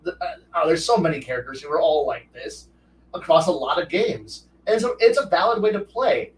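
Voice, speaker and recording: A rambling, profane man holds forth on tabletop gaming, often restarting his sentences. His voice sits a little high for a man. He sounds set back from the mic in an echoey room with a faint hiss behind him. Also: expressive, brisk. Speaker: host. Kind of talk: casual rambling talk. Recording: roomy echo, distant from mic, faint noise.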